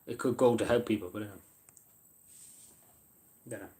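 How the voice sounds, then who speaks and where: A man's voice: lowish voice, fairly even intonation, normal speed, warm tone. A man chatting casually on a livestream, hesitant and apologetic, with many fillers, eating while he talks.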